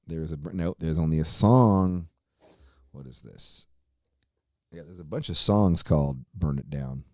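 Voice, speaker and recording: Low, dark-voiced profane podcast host. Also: male voice, no echo, studio quality. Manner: profane, rambling, laid-back. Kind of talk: casual podcast chat.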